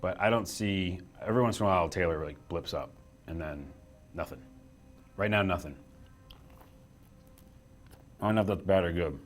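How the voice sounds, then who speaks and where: Chatty low-voiced man hosting a live stream. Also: moderate pace, long pauses, soft background music. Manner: chatty, self-deprecating, reads chat aloud. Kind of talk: casual live stream chat. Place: small office room.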